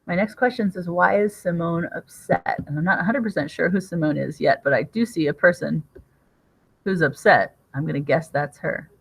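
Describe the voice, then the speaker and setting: A woman's voice: low voice, brisk, gravelly, slightly rough, poor audio. Woman teacher reading aloud to a class. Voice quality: explanatory, guiding students through questions.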